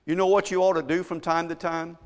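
A man delivers an emphatic sermon from the pulpit, his voice sitting high for a man. He presses his points with strings of rhetorical questions. The sound carries a long church-hall reverb. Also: little pitch movement, fairly quick. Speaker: pastor.

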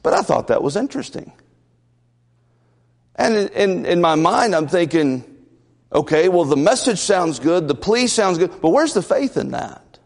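A man's voice: on the high side, big pitch swings, a little slow, vocal fry, pauses often, big-room sound. A man preaching a sermon as the church's pastor, folksy and storytelling, with asides and chuckles.

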